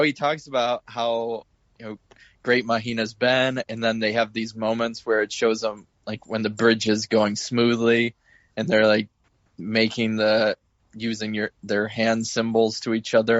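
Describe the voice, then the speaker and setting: Low-voiced male podcast host, dry dull mic. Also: normal speed, dry recording. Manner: relaxed, rambling recollection of scenes with filler words. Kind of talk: casual film-discussion podcast chat.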